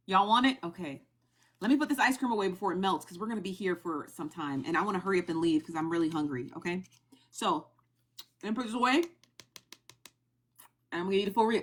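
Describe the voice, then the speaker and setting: A young woman on a phone livestream, casually recapping online gossip in a chatty, animated way and asking her viewers questions. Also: medium pitch. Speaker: TikTok live streamer sharing gossip news.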